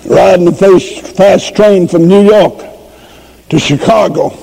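A male preacher delivering an impassioned, shouting sermon with vivid storytelling. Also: sits high, slow, gravelly. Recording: long reverb in a large hall.

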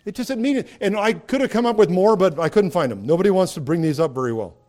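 A man's voice: sits high, lively intonation, fast talker, a little mellow. A man preaching a sermon in a conversational way, asking rhetorical questions and rising to emphatic peaks. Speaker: pastor.

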